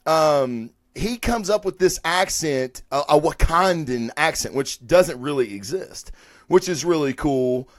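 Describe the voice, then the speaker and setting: A man hosts his own live review show in a casual, chatty ramble. He swears freely and corrects himself as he goes. His voice sits a little high for a man, and it is caught close on a mic with no room sound at all. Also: expressive, unhurried, no room sound. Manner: rambling, chatty and profane, with frequent fillers and self-corrections. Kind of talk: casual live-stream talk.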